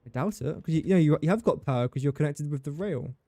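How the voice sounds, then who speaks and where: A man's voice: on the high side, fast talker, vocal fry, dark tone, dry recording. A man streaming live gameplay commentary, thinking aloud in a chatty way, talking to his game and to viewers in chat.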